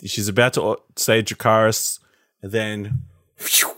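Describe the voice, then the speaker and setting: A man chatting casually as a podcast co-host, laid-back and jokey, often trailing off softly. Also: lowish voice, flat delivery, measured pace, no echo, clean studio sound. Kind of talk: casual chat, TV episode predictions.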